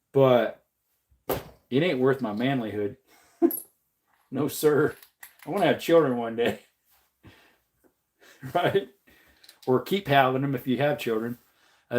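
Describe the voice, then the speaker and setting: A man hosting a livestream, casually reading out and answering viewer comments with frequent laughs and jokes. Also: darkish tone. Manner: laughs often, jokey, repeats "man" and "allegedly"; puts on a higher voice when quoting people. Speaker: livestream host.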